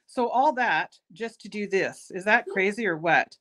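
A woman's voice: medium pitch, expressive, unhurried, fairly bright tone. Chatty middle-aged woman teaching beading. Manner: chatty, self-mocking, laughs at her own jokes. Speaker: host, bead shop owner teaching a craft. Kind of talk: casual craft tutorial with chatty asides.

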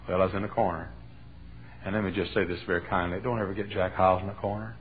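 A man preaching a sermon from his pulpit, telling a story and building to shouted fervor. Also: sits low, fairly even intonation, fast talker. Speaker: pastor. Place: church sanctuary. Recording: tinny phone-like old sermon tape.

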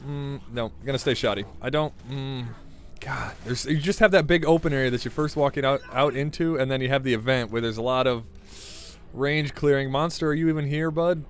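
A man's voice: mid-range voice, a little hiss or hum. A young man giving casual, sardonic commentary over his own gameplay, muttering to himself and swearing freely. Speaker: gaming video creator. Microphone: pop filter studio mic.

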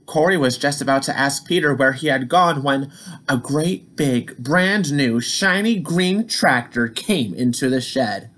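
A man reading a children's storybook aloud, gentle and encouraging toward young listeners. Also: mid-range voice, animated, measured pace.

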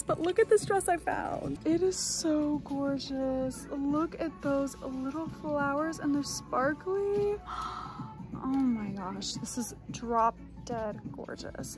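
A young woman from Texas chats in a bubbly, gushing way, exclaiming often. Her voice sits high. Music plays clearly underneath her. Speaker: thrift vlogger. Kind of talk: excited casual vlog chat and voice-over. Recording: music playing behind the voice.

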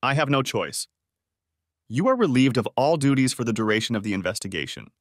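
A man's voice: medium pitch, sing-song, fairly quick, dry recording, studio quality, lightly acted. A man voicing a stern male ship captain who gives clipped orders in an audiobook. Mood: commanding.

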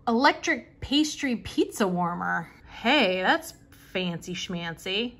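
Chatting casually as she looks through an old catalog, this vintage reseller and channel host is amused and laughs frequently. She speaks slowly at medium pitch, with lively intonation and a slightly bright tone.

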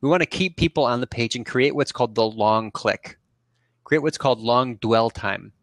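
Confident guy explaining stuff on a video call, dry sound, normal pitch. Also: moderate pace, dry recording. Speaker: guest expert. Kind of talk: explanatory interview talk.

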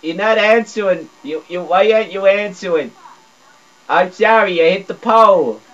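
A man's voice: normal speed, fairly bright tone. Stammering goofy man, dull lo-fi sound. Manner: stammering, repeats words, dopey broken grammar; swings between mumbling low and squealing high. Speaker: gameplay video creator. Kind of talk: comedic gameplay commentary. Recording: dull lo-fi recording.

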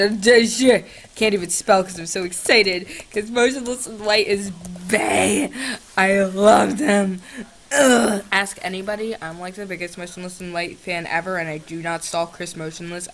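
A woman's voice: on the low side, fairly even intonation, moderate pace. A young woman vlogger chatting sarcastically with a chatbot, swinging between shrieks and mutters, on a computer's built-in mic. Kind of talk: casual chat with a chatbot.

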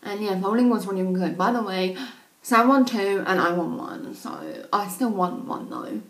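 A woman's voice: medium pitch, moderate pace, a bit bright. A young woman, rambling casually to camera as a beauty vlogger, full of "like" fillers, at home in her bedroom.

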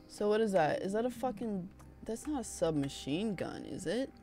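A woman's voice: medium pitch, lively intonation, moderate pace, mellow, faint music behind. A young woman streaming a video game, talking casually and swearing at it when frustrated. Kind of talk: casual gameplay commentary.

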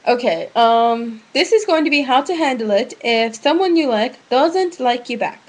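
A woman's voice: on the high side, animated, normal speed, rough recording. A young woman giving casual relationship advice into a webcam, rambling, frank and full of restarts.

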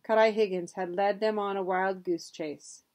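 A woman narrating a children's adventure novel in a steady, expressive reading style. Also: mid-range voice, normal speed. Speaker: audiobook narrator. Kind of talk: storybook narration.

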